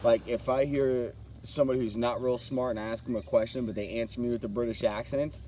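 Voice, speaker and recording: A man talks outdoors in a loose, joking way, trailing off and restarting his sentences. His voice sits at an ordinary middle pitch, with a faint outdoor hiss behind him. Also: fairly even intonation, fast talker, warm tone. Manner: rambling, joking, hesitant restarts. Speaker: co-host of a gardening vlog. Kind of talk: casual joking chat.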